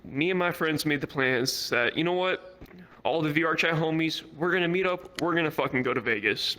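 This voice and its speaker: Bright-voiced young man telling a profane comic story. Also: a little high, fairly quick. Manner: rambling, heavy swearing, animated. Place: virtual reality comedy club.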